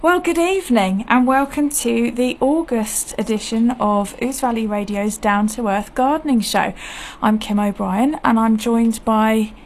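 A friendly woman chats as host of a community radio gardening programme, laughing easily between questions. Her voice sits a little high. A faint hiss runs under the studio recording. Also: a little slow. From England. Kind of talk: radio chat.

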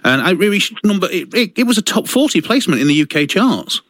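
A man's voice: high voice, big pitch swings, fast talker, a bit bright, no echo. A British man hosting a radio interview, asking easygoing questions and offering brief encouraging replies.

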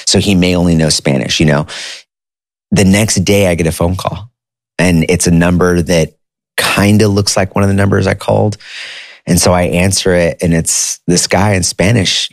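A man's voice: low voice, dry recording, studio quality. A man in his thirties casually telling a personal story, with a conversational manner full of "like" and "dude". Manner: conversational, uses filler like "like" and "dude".

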